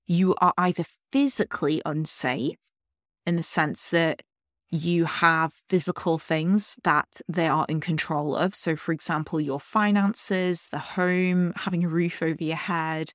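Low-pitched woman doing a calm earnest podcast monologue, dry close sound. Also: measured pace, dry recording. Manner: calm, earnest, speaks directly to the listener. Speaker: podcast host. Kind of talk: solo podcast talk.

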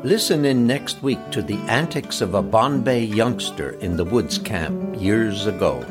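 A man's voice: lowish voice, expressive, measured pace. A man narrating a folksy story in a conversational, scripted reading. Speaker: storyteller, podcast reader. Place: community radio studio. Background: faint background music.

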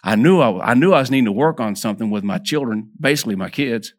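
A man preaches a sermon to a gathering of men at an animated, quick pace, calling for amens and repeating words whenever he restarts. His voice climbs higher and louder as he exhorts, then drops soft and low for prayers.

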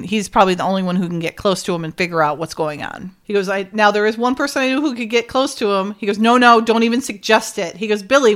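A middle-aged woman chats casually as a co-host, retelling a story with lively energy. She acts out quoted lines and laughs often as she talks. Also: mid-range voice. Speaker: podcast co-host. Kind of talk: casual recap chat.

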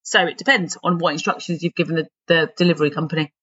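A British woman with a bright, forceful voice talks through consumer law on a podcast, patient and easy to amuse. The audio is a little dull, as if slightly muffled. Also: sits low, fairly even intonation, quick pace, slightly rough. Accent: British English. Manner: explains patiently, laughs easily. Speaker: podcast co-host, consumer rights expert. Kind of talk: casual chat.

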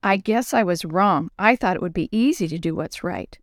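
A woman's voice: on the low side, moderate pace, no echo, clean studio sound, close to an everyday voice. A woman voicing an earnest, honest young schoolboy in a storybook reading. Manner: earnest, plain storybook dialogue.

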